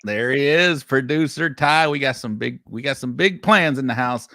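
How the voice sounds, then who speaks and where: A man with a drawl hosts a live stream, greeting viewers one by one with lively energy. His voice is bright and forceful, recorded dry and close with no room sound. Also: medium pitch, moderate pace, dry recording. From Texas. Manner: energetic, hypes viewers and reads out shout-outs. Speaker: host of a live online barbecue show.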